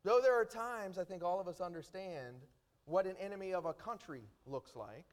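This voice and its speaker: A man preaching a sermon, reading scripture aloud slowly and then explaining it with rising emphasis. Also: high-pitched.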